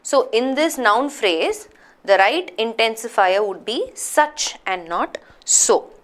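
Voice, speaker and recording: A woman's voice: a little high, animated, slow pace. A woman teaching a live grammar class, explaining patiently and checking that students follow.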